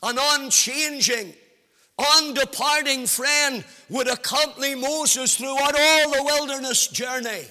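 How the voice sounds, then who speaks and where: A man preaching a sermon in a measured, emphatic way, with sing-song rises and drawn-out phrases. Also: very high voice, sharp tone, big-room sound.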